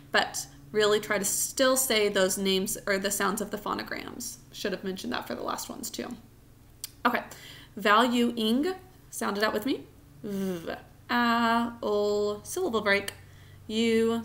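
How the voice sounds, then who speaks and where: A woman teaching a recorded spelling lesson, sounding out words slowly, syllable by syllable, for students at home. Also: mid-range voice, gravelly, fairly bright tone.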